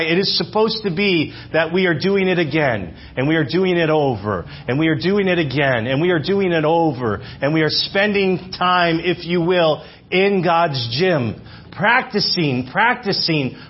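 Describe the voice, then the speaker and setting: A man in his forties preaching a sermon in church, animated, repeating phrases for emphasis and asking the congregation questions. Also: on the high side, a little slow, highs cut off, a little hiss or hum. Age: 40s. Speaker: visiting speaker. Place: church sanctuary.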